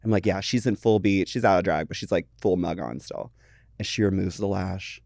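A low-pitched young man chats casually as a podcast guest, telling stories full of swearing and voiced quotes. The sound is dry and close. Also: moderate pace, creaky, darkish tone, no room sound. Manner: chatty storyteller, swears freely, acts out quotes. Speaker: podcast guest, drag performer. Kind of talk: casual chat.

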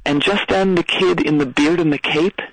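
A man's voice: on the high side, fairly even intonation, moderate pace, fairly bright tone, poor audio. A man calling in to a radio comedy show, telling a rambling story with lots of stammers and restarts. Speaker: caller.

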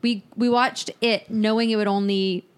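A woman in her thirties in casual chat, telling an animated, self-mocking story and laughing often. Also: mid-range voice, normal speed, clean tone.

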